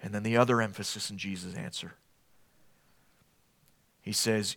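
A man preaching a sermon with passion. He swings between loud, emphatic declarations and hushed, low passages, and repeats short phrases for emphasis. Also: fairly even intonation, moderate pace, pauses often. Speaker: pastor.

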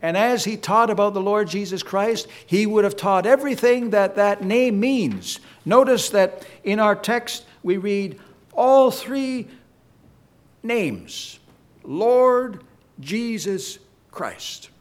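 A man preaching a sermon to his congregation, with an emphatic, deliberate cadence. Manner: emphatic, slow preaching cadence with sweeping pitch. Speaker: pastor.

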